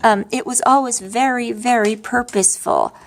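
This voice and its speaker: In a voice on the high side and at normal speed, a middle-aged vlogger recounts her grief openly and somewhat wearily. She rambles, restarts often, and adds wry remarks, in the manner of a casual personal monologue.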